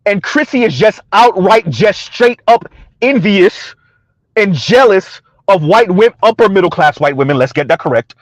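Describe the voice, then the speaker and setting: A male commentary vlogger rants at his viewers, sarcastic and combative, hammering the same points again and laughing in between. His high voice is expressive and moves at a moderate pace. The recording is dry.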